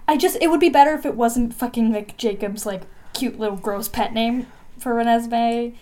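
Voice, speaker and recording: A woman co-host with a slightly high voice trading dry, sarcastic remarks in relaxed chat. She laughs along often and drops in wry asides. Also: moderate pace. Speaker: podcast co-host. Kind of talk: casual book discussion chat.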